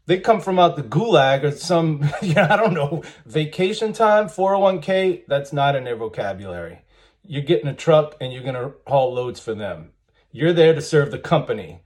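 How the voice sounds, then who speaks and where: A man, reading job ads aloud and commenting bluntly and wryly, chuckling often. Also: fairly high pitch. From United States. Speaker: trucking channel host.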